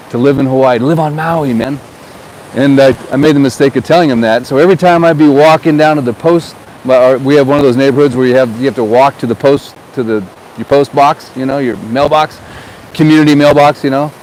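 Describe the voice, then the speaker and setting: A man's voice: a little high, a little mellow, poor audio. A man, a real estate agent, talking in a chatty, rambling way while vlogging outdoors by the ocean on a handheld camera. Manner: rambling, chatty, repeats words. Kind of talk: casual vlog. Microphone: handheld camera on a gimbal. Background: ocean waves and wind.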